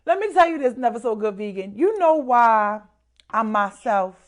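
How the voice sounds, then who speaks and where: A woman chatting as a guest on a casual live show, animated, laughing often and repeating her words for emphasis. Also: a little high, moderate pace. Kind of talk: casual live-stream chat.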